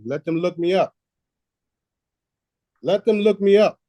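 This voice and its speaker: Cocky man preaching his stuff, swears a lot, kinda high voice, dead dry mic. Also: measured pace, warm tone, no echo. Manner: boastful, preachy, swears freely; laughs at his own lines. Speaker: host. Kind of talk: casual conspiracy talk.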